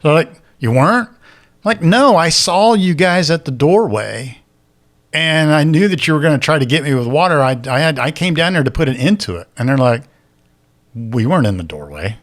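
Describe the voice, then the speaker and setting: On a podcast, a co-host tells a story in casual conversation, animatedly acting out the voices of the people involved. His voice is on the high side, at a moderate pace.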